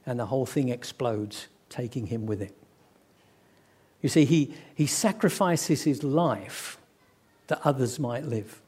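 A man preaching a sermon, telling stories and acting out the voices of people in them, slowing down for emphasis. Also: mid-range voice, a little mellow, breathy edge. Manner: storytelling, acts out quoted voices, slows for emphasis.

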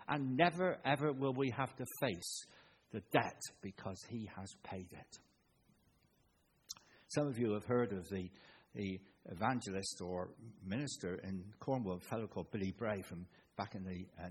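A man's voice: on the low side, slight background noise. An older man preaching a sermon in a conversational manner that rises into emphatic bursts.

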